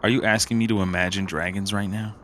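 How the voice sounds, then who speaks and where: Low bright-voiced podcast dude teasing his buddy, faint noise in the back. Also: steady tone, quick pace. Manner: teasing, mock-scolding banter. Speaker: podcast co-host. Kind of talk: casual chat.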